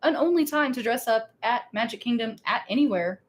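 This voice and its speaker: A woman co-hosting a casual live stream, chatty and animated. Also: fairly high pitch, brisk. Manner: chatty, animated, lots of fillers. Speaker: co-host of a theme park channel.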